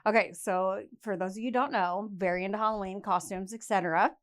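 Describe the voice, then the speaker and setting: A woman's voice: medium pitch, fairly even intonation, brisk. Chatty self-mocking woman in her thirties. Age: 30s. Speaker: podcast co-host. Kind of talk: casual podcast chat.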